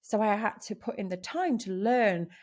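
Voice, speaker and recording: A woman hosting a casual reflective monologue, chatty and animated, often acting out her own inner voice. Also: medium pitch, moderate pace. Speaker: host.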